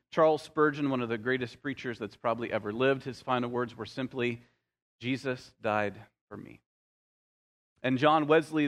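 A man's voice: medium pitch, a bit bright. A man preaching a sermon in a church, talking conversationally and addressing the congregation directly. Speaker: pastor. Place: church sanctuary. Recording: long reverb of a large hall.

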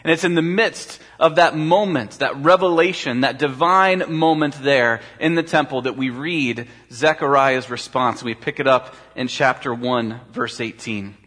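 Bright-voiced pastor preaching in a hall. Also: male voice, medium pitch, a little slow, hardly any pauses. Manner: conversational, asks the audience rhetorical questions. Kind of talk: sermon. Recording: long hall reverb.

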